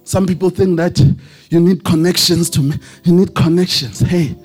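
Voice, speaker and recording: A male preacher delivering a sermon in a husky voice, with a sing-song preaching cadence that rises into shouts. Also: high voice, fairly even intonation, moderate pace, faint music behind.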